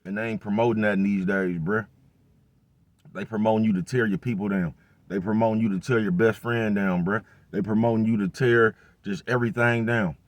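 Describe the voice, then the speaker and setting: Deep-voiced man rambling in street slang. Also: steady tone, brisk, dry recording. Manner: rambling, profane street slang, repeats "bruh" and "you know what I'm talking about". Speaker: vlogger. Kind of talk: casual monologue.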